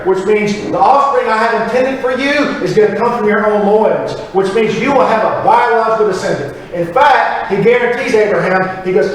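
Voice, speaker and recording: A man preaching in a chapel, with a high voice for a man. He is picked up from a distance, and the big room echoes around him. He talks in a lively, conversational way, acting out prayers as he goes. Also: normal speed, slight background noise. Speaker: pastor. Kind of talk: sermon. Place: church chapel. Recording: echoey church recording from far off.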